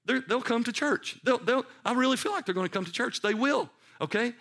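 A man preaching a sermon as pastor, moving between quiet, hushed passages and loud, emphatic ones, with conversational asides and repeated words. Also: very high voice, animated, brisk, few pauses.

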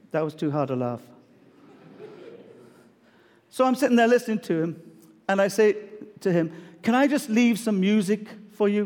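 A man's voice: high voice, big-room sound. A middle-aged male pastor preaching a sermon, telling stories emphatically and challenging the congregation with rhetorical questions.

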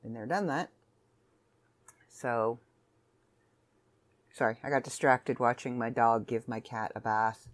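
A woman's voice: very deep voice, steady tone, takes it slowly, long pauses. A woman hosting a casual solo podcast from home, chatting in a rambling, self-interrupting way. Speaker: podcast host.

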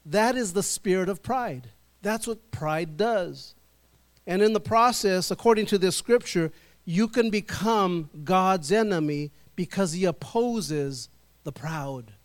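Male pastor, middle-aged, high-pitched voice, sermon in a church, call-and-response preaching. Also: slow pace.

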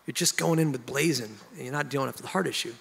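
A man, a pastor, sharing his testimony in an animated, emotional way and getting loud at the high points. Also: quick pace, creaky, slightly rough, in a large hall. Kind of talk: candid conversational testimony.

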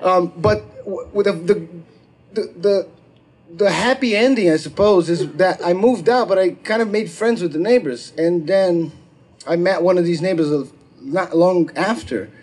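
A man doing stand-up, telling a long profane story and acting out the people in it, with shouted quotes. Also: high-pitched, moderate pace, husky. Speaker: stand-up comedian. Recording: live crowd laughter. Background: audience laughter.

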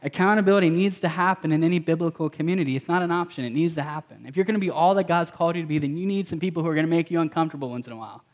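A man's voice: fairly high pitch, racing, hardly any pauses. A man preaching a sermon as a pastor, emphatic and repetitive, mixing in casual slang.

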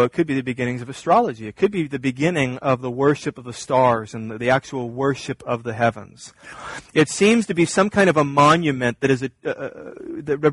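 A man preaching a sermon, reading scripture and explaining it earnestly, his voice climbing and growing louder when he presses a point. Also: no room sound, low-quality recording. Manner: earnest preaching, rises in pitch and volume when stressing a point. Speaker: pastor.

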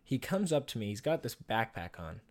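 A man's voice: fairly low pitch, very animated, fairly quick. A young man hosting a podcast, telling a comic story in a rambling, profane, self-deprecating way and laughing often. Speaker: podcast host.

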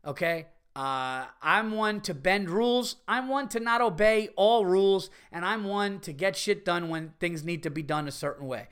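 A middle-aged man hosting a casual comedy podcast, ranting profanely and excitably as he reads listener emails. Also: high-pitched, moderate pace, hardly any pauses, clean tone. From Italian-American heritage.

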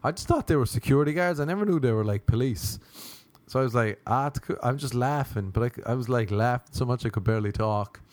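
A young man spins a rambling, profane story, laughter spilling through his words. His voice sits at an ordinary middle pitch, and the recording is close and dry, with no room around it. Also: fast talker, a little mellow, no echo. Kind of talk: casual anecdote.

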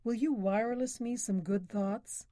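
A woman's voice: on the high side, a little slow, dark tone, dry recording, close to an everyday voice. A woman reading the lines of a bold young racing driver in an earnest, direct way.

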